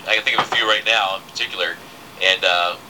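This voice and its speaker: A man's voice: deep voice, steady tone, fast, background noise. A man hosting a casual radio interview, chatty, with many fillers and restarts. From southern United States. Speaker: radio host.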